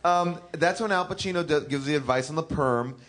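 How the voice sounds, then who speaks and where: A man co-hosting a podcast, loud and joking, riffing on a movie with friends. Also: on the high side, fairly quick. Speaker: podcast co-host. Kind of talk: casual comedic movie discussion.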